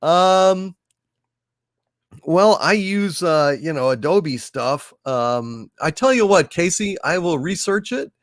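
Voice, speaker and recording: A man hosting a relaxed livestream, his voice sitting a little high and swinging widely up and down. He talks in a halting, jokey way, dropping "uh" after "uh" as he thanks viewers. The sound is close and dry, with no room around it. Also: no room sound. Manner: hesitant, many filler "uh"s, jokey. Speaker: livestream host. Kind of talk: casual livestream chat, thanking donors.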